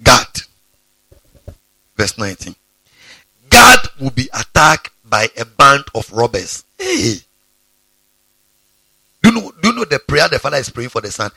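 A pastor preaching a sermon, breaking into sudden high exclamations. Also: male voice, wildly swooping pitch, a little slow, vocal fry, pauses often, bright, forceful tone, husky, no echo.

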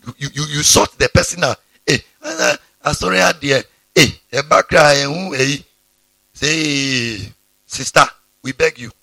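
A pastor preaching a sermon, breaking into sudden high exclamations. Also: male voice, measured pace, gravelly, pushed and bright, no echo.

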